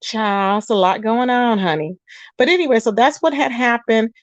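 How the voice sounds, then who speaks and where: A woman's voice: a little high, moderate pace, dry recording. A woman hosting a casual livestream, chatting with viewers and calling them child and babe. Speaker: livestream host.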